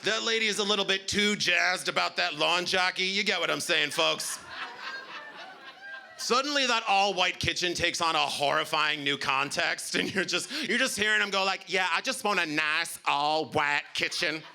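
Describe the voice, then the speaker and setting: A man doing a stand-up routine with quick, wry observational patter. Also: high voice, creaky, bright, forceful tone, a little hiss or hum. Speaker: stand-up comedian.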